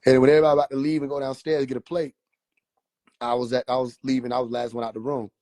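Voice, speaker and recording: A man's voice: medium pitch, level tone, very fast, mellow, dry recording, clean studio sound. A man telling a loose, profane story on a phone livestream, laughing often as he talks. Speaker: livestream host.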